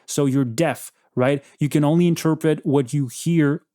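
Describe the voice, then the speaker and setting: A man's voice: on the high side, fairly even intonation, normal speed, dark tone, no room sound, clean studio sound. A man hosting a casual chat, blunt and probing as he questions an AI. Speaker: host.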